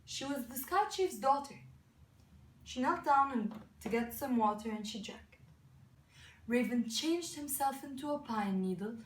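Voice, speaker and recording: Slow, halting woman telling a story. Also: sits high, expressive, a little hiss or hum. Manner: slow, halting, frequent restarts on words; asks listeners questions. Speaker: student storyteller. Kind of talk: storytelling read aloud. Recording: echoey room, mic far off.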